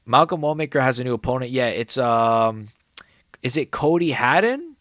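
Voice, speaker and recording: A young man hosting a live fight reaction stream, rambling casually with lots of "like" and "bro" while his voice sometimes cracks high. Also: animated, moderate pace, a bit bright, no echo, studio quality. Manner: rambling, filler-heavy, says "like" and "bro" often. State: voice cracking upward at times.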